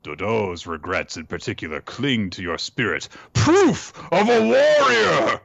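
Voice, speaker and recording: A man's voice: low-pitched, normal speed, sharp tone, dry recording, voice pushed down, exaggerated voice. A man voicing a giant, boastful male werewolf in a casual retelling, with a mock-grand delivery. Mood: grandiose. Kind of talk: casual recap with impressions.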